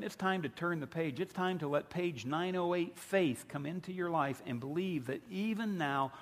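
Male pastor preaching, kinda high voice, big repetitive build-ups, long reverb like a big church. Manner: preaching with rising, emphatic repetition. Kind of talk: sermon.

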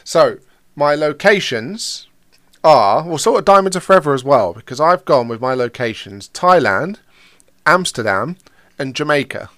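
A man co-hosting a casual podcast, his pitch swinging widely as he talks. The sound is dry and close, and he tells his ideas playfully. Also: moderate pace, no room sound. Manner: animated storyteller, playful. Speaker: podcast co-host. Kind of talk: casual chat.

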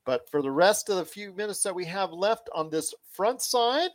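A man co-hosting a casual pop-culture podcast, talking with animated, enthusiastic swings in his voice. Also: sits high, normal speed. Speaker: podcast co-host.

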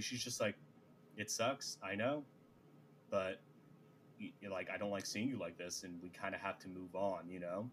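A man's voice: sits low, moderate pace, long pauses, a little hiss or hum. A man co-hosting a casual chat, retelling scenes and acting out the characters' lines. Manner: animated, acts out characters' lines. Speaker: podcast co-host.

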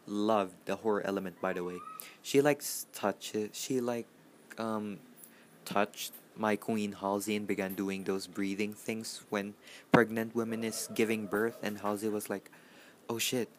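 A man's voice: on the low side, fairly even intonation, a little slow, slight background noise. A man giving a casual, profane movie reaction, chatty and full of filler words. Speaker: film reaction vlogger.

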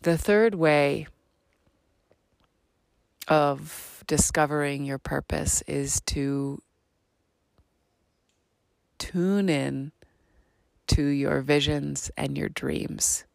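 A woman hosting her own podcast, talking in a slow, earnest, reflective monologue that drifts into soft half-whispers. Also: sits low, creaky, no echo, studio quality. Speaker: podcast host.

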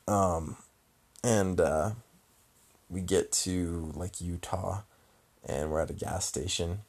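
Young man, very deep voice, husky, casual rambling story, lots of swearing. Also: fairly even intonation, slow pace, a little mellow. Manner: rambling, heavy swearing and filler words.

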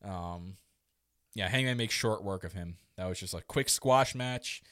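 A man co-hosting a casual podcast chat, excitable and rambling, with quick laughs and restarts. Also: low-pitched, no echo, studio quality. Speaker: podcast co-host. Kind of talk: casual wrestling recap chat.

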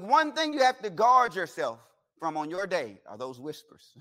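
High-voiced man preaching a folksy sermon. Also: wildly swooping pitch, moderate pace, pushed and bright. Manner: folksy, humorous storytelling with quoted voices. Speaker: guest preacher. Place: church sanctuary.

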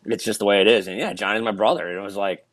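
A man, a military veteran, telling a war story in a halting way with many restarts and fillers. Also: fairly low pitch, fairly bright tone, no echo. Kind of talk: casual storytelling.

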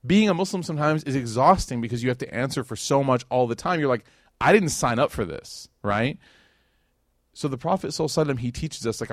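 Fast-talking man giving a casual lecture. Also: mid-range voice, no echo, clean studio sound. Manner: conversational, acts out quotes, many "like" and "right?". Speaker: religious lecturer. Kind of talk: casual religious lecture with storytelling.

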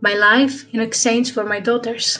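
A woman's voice: a little high, steady tone, normal speed, pushed and bright. A woman reading the lines of a desperate young mother who pleads to save her dying baby, over faint music. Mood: resolute.

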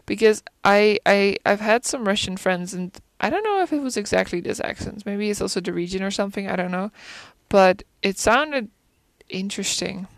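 A woman talks through her thoughts in a relaxed, rambling way, pausing to hunt for words and posing questions aloud. Her voice is smooth and clear, and the recording is close and dry. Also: medium pitch, no echo. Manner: thinks aloud, searching for words and restarting; reflective, asks rhetorical questions. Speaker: film commentator. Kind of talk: casual musing chat.

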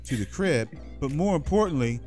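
A man co-hosting a podcast in casual chat, animated and stammering, repeating his words. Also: on the high side, moderate pace, soft background music. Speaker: podcast co-host.

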